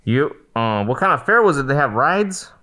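A man's voice: medium pitch, big pitch swings, normal speed, sharp tone. A male co-host telling brash, profane stories in casual chat, full of slang like "fool" and "homie".

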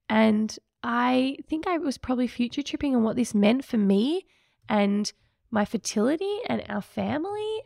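A woman's voice: a little high, creaky, darkish tone, dry recording, studio quality. A woman hosting a podcast, candidly and emotionally recounting a personal experience in a reflective way. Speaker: podcast host.

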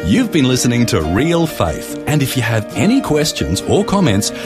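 A man's voice: mid-range voice, moderate pace. A man reading a polished scripted radio outro. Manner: polished, lively read. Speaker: radio announcer. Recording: studio read over music.

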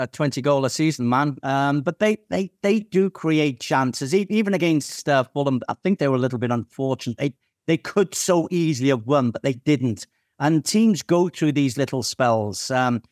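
A man analysing a football team's form as a pundit in casual studio chat, measured and detailed. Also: fairly high pitch, no room sound.

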